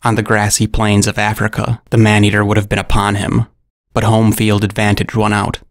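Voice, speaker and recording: A man telling a scripted story in narration, with a dry, deadpan humor. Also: on the low side, fairly quick, vocal fry, no echo.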